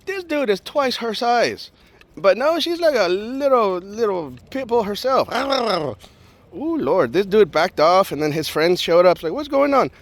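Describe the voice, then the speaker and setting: A man with a high voice tells a story straight to camera, and his pitch jumps all over the place. He jokes his way through it and acts out each person in his tale. The delivery is loose and casual, like a vlogger talking to his viewers. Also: measured pace, no room sound. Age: adult with a young daughter. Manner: animated and joking, acts out the people in his story.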